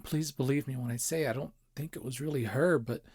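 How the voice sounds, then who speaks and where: A man's voice: medium pitch, brisk, a little mellow, husky, no room sound, studio quality, pitched above the performer's own voice, lightly acted. A man voicing an anxious, psychic young male coyote who talks in shaky, breathless pleas. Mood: earnest.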